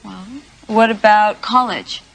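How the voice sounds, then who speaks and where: An actress playing a young woman who speaks in a gentle, reassuring way. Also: mid-range voice, steady tone, slow, gravelly, a little hiss or hum, low-quality recording. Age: young adult.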